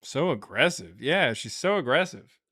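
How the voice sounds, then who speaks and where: Male livestream host, bright voice, dry close mic, jokey rambling chat with viewers. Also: medium pitch, big pitch swings, moderate pace, dry recording. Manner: joking, rambling storytelling with laughs; reads out viewer super chats.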